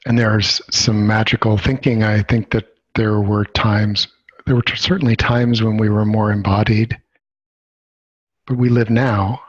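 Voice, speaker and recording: A man facilitating a workshop, reflecting back what he heard in a slow, thoughtful, gentle way. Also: fairly low pitch, flat delivery, dry recording, highs cut off. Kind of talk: reflective listening.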